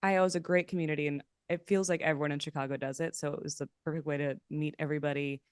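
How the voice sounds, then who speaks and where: Young woman guest on a podcast, smooth clear voice, close dry mic, chatty and jokey. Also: low-pitched, racing, no echo. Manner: chatty, self-mocking, animated quotes. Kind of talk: casual chat.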